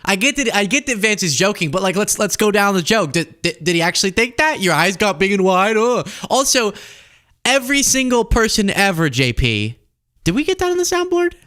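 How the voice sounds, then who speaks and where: A man's voice: sits high, very animated, a little fast, pushed and bright. A man hosting a political commentary show, talking casually and sarcastically and laughing often.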